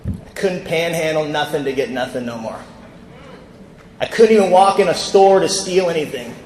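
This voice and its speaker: Man, higher voice, sharing his recovery story at a convention podium; echoing hall with a long tail. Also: moderate pace, a little mellow, slight background noise. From California. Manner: storytelling, acts out quoted people. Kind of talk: personal recovery story told to a crowd. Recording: echoey hall with long reverb.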